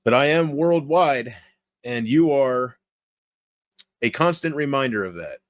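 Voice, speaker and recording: Man, mid pitch, streamer on a quiet late-night stream. Low-key, rambling, talks to chat by name. Dry, close sound. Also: a little slow, no room sound. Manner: relaxed, rambling, talks straight to viewers in chat; keeps his voice low on purpose. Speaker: livestreamer.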